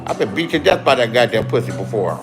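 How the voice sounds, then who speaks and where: A man's voice: mid-range voice, very animated, fast talker. A man in his sixties talking casually to camera, rambling and swearing as he reminisces. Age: 60s. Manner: profane, reminiscing, loose and chatty. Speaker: vlogger. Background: music playing.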